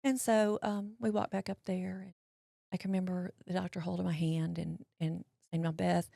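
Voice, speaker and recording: A middle-aged woman with a lowish, gravelly voice tells her own story as an interview guest. She acts out the voices of the people in it. The sound is close and dry. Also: moderate pace, no room sound. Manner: animated storyteller acting out quotes, drawling voices. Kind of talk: personal storytelling in a podcast interview.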